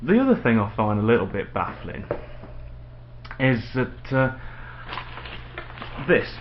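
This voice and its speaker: A man's voice: mid-range voice, very animated, slow pace. A man ranting sarcastically to camera in a casual vlog at home. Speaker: vlogger. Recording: dull lo-fi home video with faint noise.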